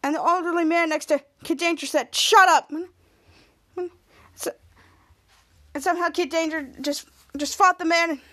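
A woman's voice: very high voice, steady tone, brisk, fairly bright tone. A woman podcast host casually recapping a TV episode, rambling with frequent restarts.

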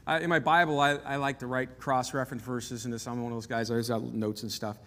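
Animated preacher in an echoing hall. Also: male voice, medium pitch, fast. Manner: animated storyteller, repeats words and restarts. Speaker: pastor. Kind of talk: sermon with personal story. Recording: long reverb of a large hall.

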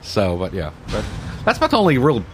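A man as a podcast guest, talking casually as a fan, halting and restarting often. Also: on the low side, huge pitch swings, slight background noise. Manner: hesitant, many fillers and restarts, fan talk. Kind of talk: casual sports chat.

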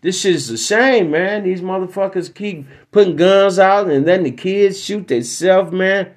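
Male podcast host, rambling and preachy, heavy swearing, slightly raised pitch. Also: unhurried. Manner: preachy, rambling, heavily profane. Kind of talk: profane comic monologue.

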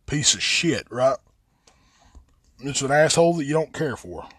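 A man with an Appalachian drawl, talking loosely in a casual solo podcast, profane and blunt. His mid-range voice has a husky edge. The room sounds dry and close. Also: mid-range voice, very animated, measured pace, fairly bright tone, no echo. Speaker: podcast host. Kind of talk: casual monologue.

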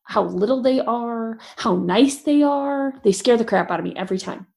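A woman in her thirties, a veterinarian, chatting casually on a podcast and acting out quotes in animated stories. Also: fairly high pitch, normal speed, gravelly. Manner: animated storyteller, acts out quotes.

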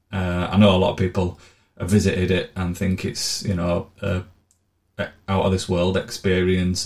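A man telling blunt, sweary, sardonic travel stories in a casual monologue. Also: deep voice. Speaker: vlogger.

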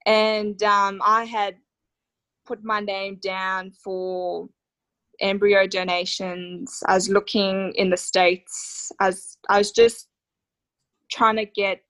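A woman's voice: medium pitch, flat delivery, takes it slowly, a bit bright, no echo, poor audio. A woman in her thirties with an Australian accent, telling her personal story as a podcast guest in a heartfelt, emotional way with many fillers. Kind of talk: conversational storytelling interview.

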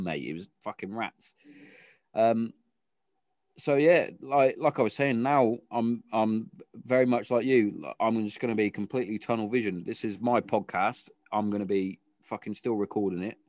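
A man's voice: mid-range voice, darkish tone, dry recording. A British man hosting a casual podcast chat, talking in a sweary, rambling way with frequent restarts. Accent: British English. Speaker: podcast host.

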